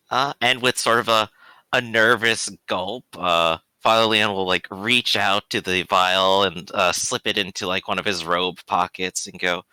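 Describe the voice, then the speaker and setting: A man's voice: low voice, fairly even intonation, a little slow, sharp tone, clear, resonant tone, dry recording. A man playing a tabletop role-playing game, chatting and describing his character's actions. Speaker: player. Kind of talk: tabletop role-play chat.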